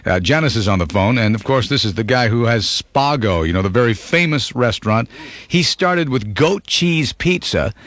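A man's voice: mid-range voice, lively intonation, normal speed, fairly bright tone. A man hosting a radio countdown show, chatting playfully with callers and tossing in jokes. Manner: playful, chatty, joking asides. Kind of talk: upbeat radio hosting with phone calls.

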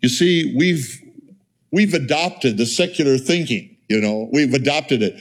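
A man's voice: medium pitch, unhurried. A middle-aged male pastor preaching a sermon in a conversational way, with rhetorical questions and asides to the congregation.

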